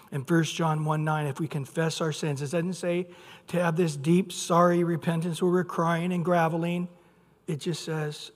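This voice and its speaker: A male pastor preaches in a fairly high voice, lively and expressive, dropping low and rising loud as he acts out his points. A long reverb trails his words, as in a large hall. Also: measured pace. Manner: lively delivery, acting out quotes with shifting loudness. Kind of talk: sermon.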